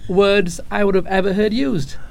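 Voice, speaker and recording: A man's voice: high voice, steady tone, moderate pace, creaky. A man in his sixties from Yorkshire, with a Yorkshire accent, telling anecdotes in a casual panel discussion, often restarting his sentences. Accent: Yorkshire English. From Yorkshire, England. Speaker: panel guest.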